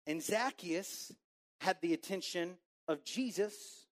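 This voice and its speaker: Male pastor, preaching in church, playful and lively, slightly high voice. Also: slow pace. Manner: animated, joking, acts out muttering crowd voices. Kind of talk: sermon.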